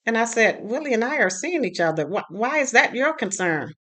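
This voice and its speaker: A woman's voice: a little high, very animated, a little fast, sharp tone. A middle-aged woman telling a personal story in a casual, chatty way, acting out the other people's lines as she goes. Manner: chatty, with frequent fillers and asides. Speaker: storyteller sharing a personal experience.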